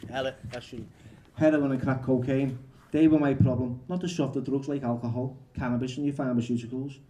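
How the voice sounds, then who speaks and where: At a bookshop event, an English man reads from his own book and shares candid anecdotes. His voice is warm and medium-pitched, and his frank, self-deprecating manner is chatty and full of filler words.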